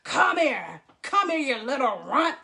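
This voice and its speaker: A woman's voice: high voice, very animated, measured pace, gravelly, pushed and bright, heavily acted. A woman playing a taunting boastful giant. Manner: taunting, mocking. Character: sneering, boastful giant warrior, male.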